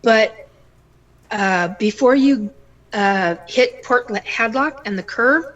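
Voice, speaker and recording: A middle-aged woman, a psychic guest, telling her stories in a casual and animated way and acting out the voices in them. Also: fairly high pitch, slow, highs cut off. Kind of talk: casual storytelling interview.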